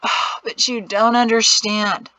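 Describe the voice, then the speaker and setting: A woman's voice: fairly high pitch, steady tone, slow pace, pushed and bright, no echo, rough recording. A woman voicing a headstrong young adult son who argues back in a raised, insistent voice. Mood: defiant.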